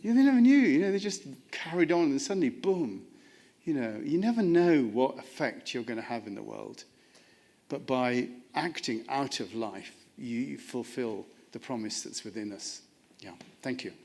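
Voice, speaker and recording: A man's voice: medium pitch, expressive, moderate pace, a little mellow. A man leading a reflective spiritual discussion in a chapel, earnest and searching, often restarting his sentences. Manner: earnest, searching, many restarts and "you know". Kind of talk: reflective spiritual talk with congregation.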